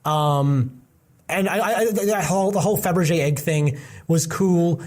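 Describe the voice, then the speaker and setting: A man's voice: on the high side, moderate pace, darkish tone. A young man with a slightly raised voice talks through his opinions in loose, casual podcast chat. He rambles, restarts his sentences and fills the gaps with "um" and "like". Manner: rambling, many fillers and restarts. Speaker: podcast co-host.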